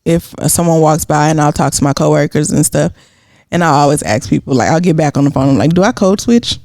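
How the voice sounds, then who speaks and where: A man's voice: fairly high pitch, fairly quick, a little mellow, no echo, clean studio sound. A man with a Southern Texas country accent co-hosting a podcast, laid-back and slangy in casual chat. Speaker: podcast co-host.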